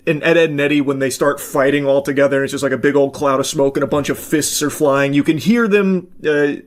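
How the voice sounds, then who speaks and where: A man giving casual, rambling commentary as he reacts to a video clip. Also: on the high side. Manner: rambling, self-correcting narration.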